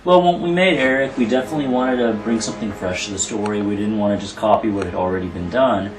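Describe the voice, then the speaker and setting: A film director answering interview questions with earnest, rambling explanations. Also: male voice, lowish voice, quick pace, far from the mic, music in the background. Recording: roomy, from off the mic.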